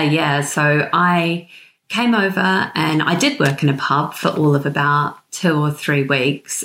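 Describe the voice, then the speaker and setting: A woman's voice: deep voice, a bit bright. A tired, jet-lagged woman in her thirties with a New Zealand accent, chatting frankly as a podcast guest and laughing easily. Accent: New Zealand, slightly mixed with British. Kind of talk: casual podcast chat.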